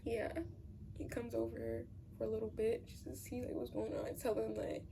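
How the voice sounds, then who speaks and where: A woman's voice: high-pitched, expressive, brisk, gravelly, dark tone, slight background noise. A young woman candidly telling a personal story to camera, rambling and swearing freely. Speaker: vlogger.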